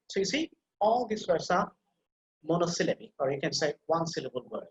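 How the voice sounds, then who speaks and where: A man's voice: on the high side, sing-song, reverberant, muffled recording. Bangladeshi man teaching pronunciation. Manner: repeats words slowly for drill, explanatory. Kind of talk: online lecture over slides.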